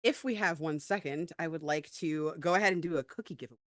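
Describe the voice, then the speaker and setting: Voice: mid-range voice, quick pace, a bit bright, no echo, clean studio sound. A player describing their character's actions in a tabletop game, in a playful way.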